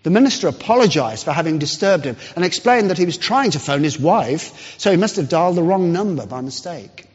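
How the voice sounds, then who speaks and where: A man preaching a sermon, telling a story with pauses and restarts. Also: fairly high pitch, breathy edge. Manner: storytelling, pauses and restarts, lively rise and fall. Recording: dull lo-fi sound in long hall reverb.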